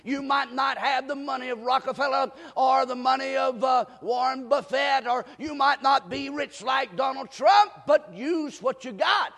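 A male pastor preaching a revival sermon, swinging between quiet asides and shouted exhortation in a church sanctuary. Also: very high voice, moderate pace, creaky, hardly any pauses. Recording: long reverb of a church hall.

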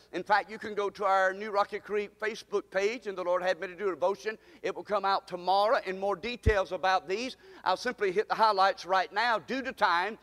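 High-voiced preacher in a reverberant church. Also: male voice. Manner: call-and-response preaching, swings between loud drawn-out declarations and fast asides. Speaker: pastor. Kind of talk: sermon.

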